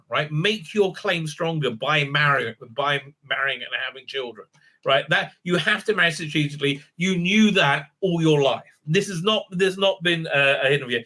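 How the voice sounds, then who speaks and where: A man's voice: fairly high pitch, lively intonation, moderate pace, sharp tone. A man giving a casual spoiler recap and review of a TV episode, rambling with lots of fillers and "right?", breaking into enthusiastic praise. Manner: rambling, heavy fillers, keeps asking "right?". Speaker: TV show reviewer.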